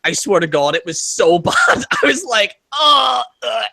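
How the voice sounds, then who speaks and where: Lively, bright-voiced ranting co-host. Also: medium pitch, normal speed. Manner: animated, laughing and exaggerated. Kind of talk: profane ranting chat.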